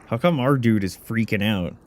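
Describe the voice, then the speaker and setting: Low-voiced man cracking dry jokes. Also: normal speed, slight background noise. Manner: sardonic, wisecracking. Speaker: let's play commentator. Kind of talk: casual joking game commentary.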